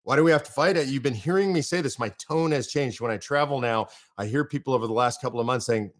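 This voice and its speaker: A man's voice: mid-range voice, quick pace, hardly any pauses. A man from the United States hosting a political podcast, emphatic and fired up, driving his points home in runs of repeated phrases. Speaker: podcast host.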